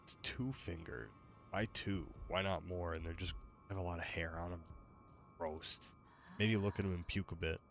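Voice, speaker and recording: A man's voice: low voice, moderate pace, vocal fry, faint music behind. A tired man hosting a late-night gaming stream, rambling with hesitant fillers and yawns. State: tired, yawning. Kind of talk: casual gaming stream chat.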